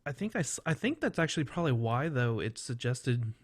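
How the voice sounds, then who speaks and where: A man's voice: medium pitch, very animated, brisk, no echo. A male host interviews over a video call, his talk rambling with fillers and broken by giggles. His voice sits in a mid range for a man. The audio is dry, with no room around it. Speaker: podcast host. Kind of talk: casual interview chat.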